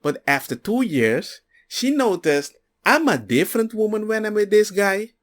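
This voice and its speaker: Animated man telling stories, lively pitch. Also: normal speed. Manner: animated storyteller, acts out others' lines. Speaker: commentator. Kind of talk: casual monologue.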